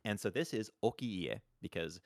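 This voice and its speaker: Lively man explaining patiently. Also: lowish voice, moderate pace, no room sound, studio quality. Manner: patient, explanatory, corrects pronunciation like a teacher; animated, emphatic repetitions. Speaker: stream co-host. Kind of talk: casual chat on a live stream.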